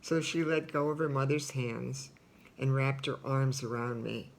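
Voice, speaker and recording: Guy reading a book out loud real slow and heartfelt, noisy background hum. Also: mid-range voice, vocal fry. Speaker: reader. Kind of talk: reading a memoir aloud with asides.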